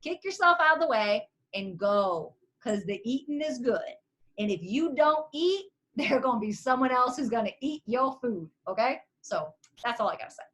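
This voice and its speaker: A woman's voice: a little high, moderate pace. Sassy woman in her thirties. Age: 30s. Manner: sassy, slangy and animated, with swings between loud and soft. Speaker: guest speaker. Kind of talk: motivational pep talk.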